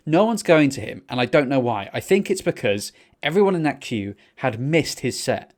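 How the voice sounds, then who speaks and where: Sweary young man telling a rambling story. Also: moderate pace. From England. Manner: rambling, sweary storytelling with excited pitch jumps. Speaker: podcast co-host. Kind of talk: casual chat.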